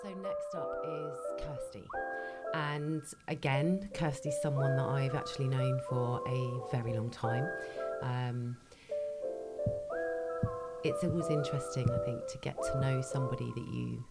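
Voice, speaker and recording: Low-voiced woman host over music. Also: fairly even intonation. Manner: measured, thoughtful, ends in a hush. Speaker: host introducing storytellers. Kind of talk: warm spoken introduction. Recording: loud music behind voice.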